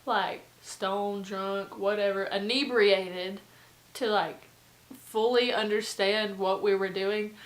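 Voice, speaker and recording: A young woman, telling a storytime vlog in a chatty, animated way full of fillers. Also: mid-range voice, takes it slowly, echoey room, low-quality recording. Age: young adult. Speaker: vlogger.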